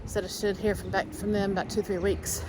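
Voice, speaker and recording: A woman's voice: medium pitch, level tone, a little fast, heavy background noise. A woman in her forties talking candidly in a personal vlog, rambling with many fillers. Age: 40s. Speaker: vlogger.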